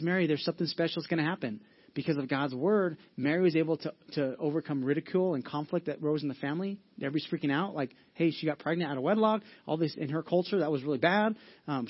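Through lo-fi audio, a man with a high, breathy-edged voice delivers a sermon. He's a pastor speaking earnestly and conversationally, often starting his sentences over and filling gaps with fillers.

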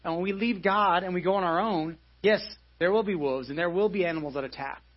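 A man's voice: sits high, quick pace, muffled recording. A pastor in his forties giving a live sermon in a church, conversational, with many restarts and repeated phrases. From United States.

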